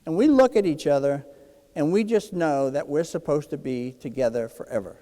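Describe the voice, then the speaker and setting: Man in his sixties, from New Jersey, keynote storytelling, very lively pitch, long hall reverb. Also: moderate pace. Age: 60s. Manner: animated, acts out quoted dialogue. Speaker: keynote speaker.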